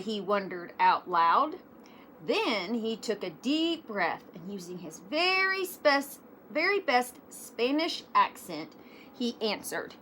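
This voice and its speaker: A woman reading a children's picture book aloud, animated, with self-deprecating asides. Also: medium pitch, slow pace. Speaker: storybook reader.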